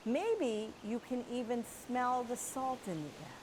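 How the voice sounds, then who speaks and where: A middle-aged woman teaching kids' yoga, leading a guided beach visualization with slow, soothing instructions. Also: a little high, sing-song, background noise. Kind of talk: guided relaxation for children. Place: indoors at home on a yoga mat.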